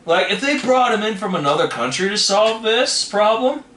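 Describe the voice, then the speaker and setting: A man's voice: sits high, lively intonation, moderate pace, pushed and bright. Rambling man in an echoey room. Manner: rambling, hedging with "you know what I mean". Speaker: trailer reaction host. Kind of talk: casual chat. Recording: echoey room with faint noise.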